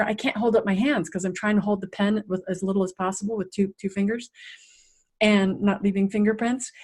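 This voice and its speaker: A resilience coach in middle age shares a personal story during an interview, using a mid-range voice. She tells it vividly and with animation, acting the scenes out.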